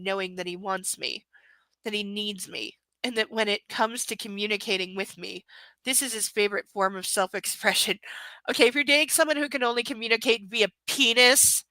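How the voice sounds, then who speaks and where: A woman reading a romance novel aloud on a live stream, breaking off for sarcastic, mocking asides and dipping into soft whispers. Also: medium pitch, fairly even intonation, normal speed, no echo, poor audio. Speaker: live-stream book reader.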